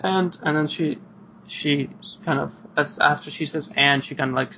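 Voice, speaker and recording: A man's voice: on the high side, normal speed, gravelly, sharp tone, a little hiss or hum. A man narrating a tabletop game as game master, rambling with many fillers, over a video call. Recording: muffled lo-fi online call.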